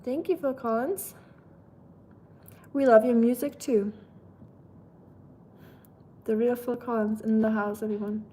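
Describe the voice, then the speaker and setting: A woman's voice: a little high, steady tone, unhurried, long pauses, mellow, a little hiss or hum. A young German woman hosting a casual livestream, chatting with viewers and rambling with lots of fillers, sounding tired. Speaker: livestream host. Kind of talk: casual livestream chat reading comments.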